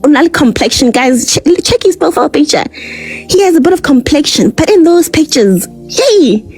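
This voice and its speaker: A woman's voice: high-pitched, very animated, normal speed, a little mellow, soft background music, low-quality recording. Scornful woman ranting online. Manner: scornful, insulting, full of "like" fillers. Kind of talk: heated online rant.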